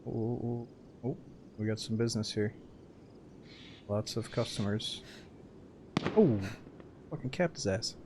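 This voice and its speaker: Male streamer, low-ish voice, profane excitable play-by-play and joking banter. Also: measured pace, long pauses, background noise. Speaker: game streamer. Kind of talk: live gameplay commentary.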